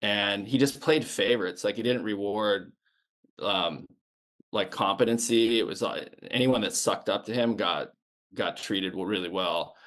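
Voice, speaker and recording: A man in his fifties with a somewhat low voice tells stories from his Navy days in a loose, conversational way. He talks bluntly, swears freely and often stops and restarts his sentences. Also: a little slow, fairly bright tone. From United States. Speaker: podcast guest, former Navy sniper. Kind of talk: casual storytelling interview.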